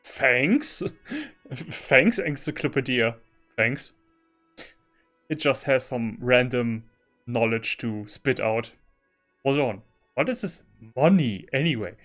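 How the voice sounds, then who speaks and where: A man's voice: mid-range voice, animated, takes it slowly, fairly bright tone, soft background music. A man from Germany with a German accent, casually commenting on a game he plays, laughing often and reading lines aloud. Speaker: gaming streamer. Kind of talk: casual let's-play commentary.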